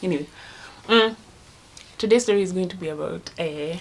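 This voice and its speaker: Chatty Kenyan woman, lowish voice. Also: brisk, creaky, slight background noise. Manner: chatty, rambling, laughs at herself; drops to a hushed voice at times. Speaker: vlogger. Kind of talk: casual storytelling vlog.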